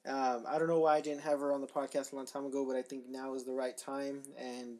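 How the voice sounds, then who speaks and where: Raspy-voiced man hosting a podcast. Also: medium pitch, quick pace. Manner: relaxed and loose, with frequent ums. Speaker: podcast host. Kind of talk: casual podcast chat.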